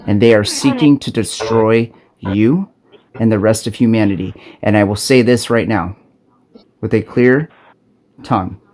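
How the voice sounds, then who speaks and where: A man's voice: on the low side, a little slow, long pauses, darkish tone, a little hiss or hum. A man from Arizona recording on his smartphone, delivering an urgent, profane spiritual warning with frequent stumbles and restarts. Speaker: self-made video preacher. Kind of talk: impassioned spiritual warning monologue.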